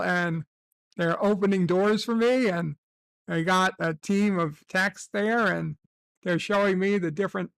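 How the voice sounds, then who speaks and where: Man, gravelly voice, fairly high pitch, dry close sound, casual profane storytelling. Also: fairly bright tone, no echo. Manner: rambling, profane, self-mocking anecdotes. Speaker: livestream host. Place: at home, in bed.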